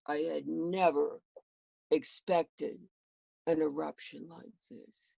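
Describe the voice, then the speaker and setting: A woman's voice: low voice, steady tone, slow pace, creaky, warm tone, slightly rough, no echo. A woman telling a historical story in the first person, with dramatic, emotional delivery. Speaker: historical portrayer. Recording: dull lo-fi recording.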